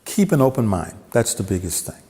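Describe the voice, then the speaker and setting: A man, a jazz drummer and teacher, telling funny, animated stories to an audience at a venue. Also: lowish voice, fairly quick. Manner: humorous, animated anecdotes. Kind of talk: storytelling talk to an audience. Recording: long hall reverb, faint music.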